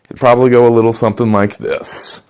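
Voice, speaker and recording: A man's voice: medium pitch, flat delivery, quick pace, a little mellow, clear, resonant tone. A male stand-up comedian telling rambling, profane stories in a comedy set.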